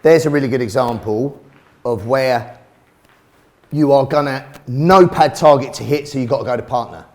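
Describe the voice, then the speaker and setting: A man coaches a self-defence drill in plain, blunt terms, swearing casually as he explains. His voice sits at an ordinary middle pitch. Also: normal speed, a little hiss or hum. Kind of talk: instructional commentary.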